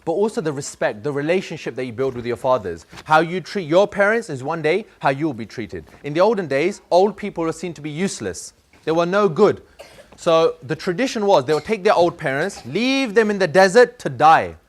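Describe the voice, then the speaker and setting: Man, teacher, slightly higher voice, animated storyteller for a school assembly. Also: a little fast. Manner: lively, acts out the boy and father in the story. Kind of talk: storytelling talk to a school class.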